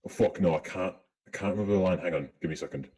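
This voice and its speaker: A man chatting casually through a pitch-shifting voice changer, fumbling and repeating words. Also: racing, dark tone, a little hiss or hum. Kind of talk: casual chat.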